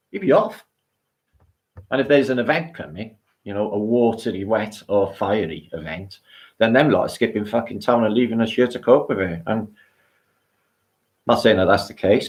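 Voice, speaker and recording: A middle-aged man, rambling excitably on a live stream, swearing often and laughing between thoughts, worn out from a long walk. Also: fairly low pitch. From Wales. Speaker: livestream host.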